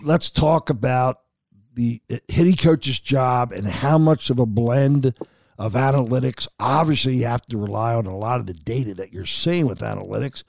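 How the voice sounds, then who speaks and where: Gravelly-voiced interview host. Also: male voice, medium pitch, normal speed, a little mellow, dry recording, clean studio sound. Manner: easygoing, laughs along, asks open questions. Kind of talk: interview chat.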